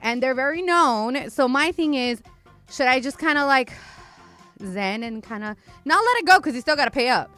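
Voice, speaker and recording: Brief: young woman radio co-host, casual and animated, with a fairly high, bright voice. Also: moderate pace, faint music behind. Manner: animated, hesitant storytelling. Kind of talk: casual chat.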